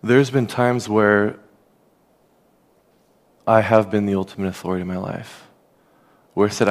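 A man preaching a sermon as a pastor, earnest and conversational, dropping softer on key phrases. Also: fairly low pitch, steady tone, a little slow, pauses often.

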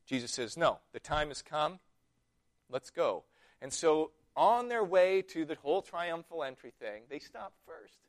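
A man preaching a sermon, retelling a story with lively delivery and acting out the quotes, dropping to a hush and then rising loud. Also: fairly high pitch, no room sound. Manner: animated storytelling, acting out quotes with big swings from loud to hushed.

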